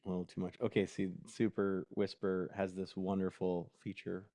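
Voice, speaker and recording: A man's voice: low-pitched, flat delivery, normal speed, warm tone, dry recording, studio quality. A man hosting a casual live workshop, talking in a chatty, self-mocking way while dictating prompts aloud. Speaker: host.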